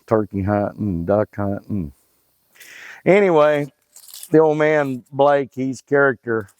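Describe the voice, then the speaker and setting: A man's voice: mid-range voice, lively intonation, slow, darkish tone, no echo, rough recording. Folksy joking middle-aged man outdoors. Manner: folksy, joking, rambling Southern talk. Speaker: hunting club owner. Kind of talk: casual outdoor vlog talk. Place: outdoors by a river in the woods.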